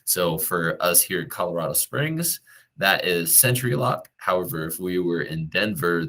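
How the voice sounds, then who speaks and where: A man's voice: low-pitched, bright, forceful tone. A man who works as a real estate agent, giving direct, coaching advice to the viewer in a casual vlog.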